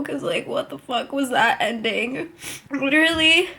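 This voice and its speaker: Chatty young woman vlogging, somewhat high. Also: unhurried, heavy background noise. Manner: rambling, full of "like", gasps and emotional reactions. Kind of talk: casual chat to camera. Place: at home, sitting in a chair.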